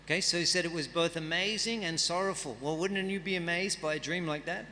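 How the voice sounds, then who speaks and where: A man's voice: on the high side, a little fast, pushed and bright, long reverb tail, a little hiss or hum. A man giving a scripture class, reading and chanting verses and then explaining them in a conversational way. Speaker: guest speaker at a temple festival. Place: temple hall.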